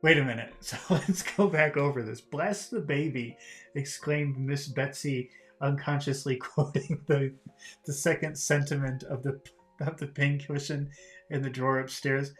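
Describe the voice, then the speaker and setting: A man teaching English, reading a novel aloud and explaining vocabulary in a relaxed way, with many fillers and restarts. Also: medium pitch, moderate pace, soft background music.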